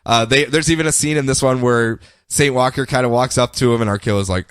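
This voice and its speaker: Guy on a comics podcast, lively recap, dry close sound. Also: mid-range voice, fast talker, few pauses, clean tone, dry recording. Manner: animated, does silly voices when recapping. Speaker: podcast co-host. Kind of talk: casual comic book chat.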